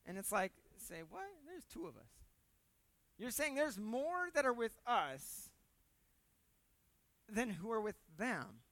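A preacher talks to the congregation in a loose, conversational way, cracking jokes and doubling up words to drive a point home. The delivery jumps between loud emphasis and hushed, confiding asides. The voice sits at a middle pitch and sounds close and dry. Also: very animated, takes it slowly, long pauses, dry recording. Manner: casual and humorous, repeats words when emphasizing. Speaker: pastor. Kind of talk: conversational sermon.

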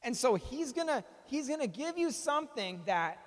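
A man in his thirties delivers a sermon in a high, bright voice. He speaks with dramatic pauses and acts out the voices in his stories. Long reverb from a large hall rings behind him. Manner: animated storytelling with dramatic pauses. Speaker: pastor.

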